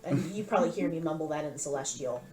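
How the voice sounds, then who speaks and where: A woman's voice: deep voice, quick pace, over a noisy crowd. A woman playing in a tabletop game, chatting in a playful way and laughing easily. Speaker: player. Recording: roomy echo with faint noise.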